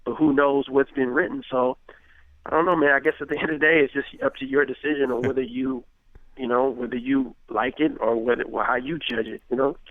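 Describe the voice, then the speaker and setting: A man's voice: medium pitch, a little fast, no room sound. Brief: male rapper, 30s, loose talk full of fillers, dry, lo-fi phone-band sound. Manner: animated, acts out quoted dialogue, many fillers. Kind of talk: casual interview talk. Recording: tinny phone-like radio sound.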